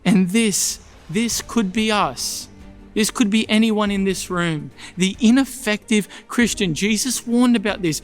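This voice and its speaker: Earnest high-voiced preacher. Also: male voice, unhurried, faint music behind. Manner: earnest, rhetorical questions, emphatic repetition. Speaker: pastor. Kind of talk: sermon. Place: church.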